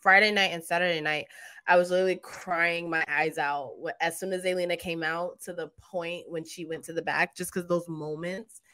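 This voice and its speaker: A woman co-hosting a podcast, reacting with quick, enthusiastic chat. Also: lowish voice, steady tone, sharp tone, dry recording. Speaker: podcast co-host. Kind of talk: casual chat.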